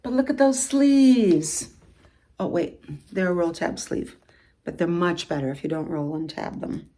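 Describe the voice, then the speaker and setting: A woman's voice: lowish voice, measured pace, warm tone. Chatty woman showing thrift finds. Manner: chatty, playful, talks to viewers while handling items. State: out of breath. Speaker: thrift reseller vlogger. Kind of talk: chatty haul video.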